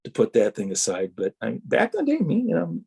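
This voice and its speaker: A man's voice: medium pitch, brisk, vocal fry, husky. A middle-aged man from Wisconsin, a former racer, telling rambling racing stories as a podcast guest and acting out the exchanges he quotes. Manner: animated anecdotes, acts out quoted exchanges. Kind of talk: rambling storytelling.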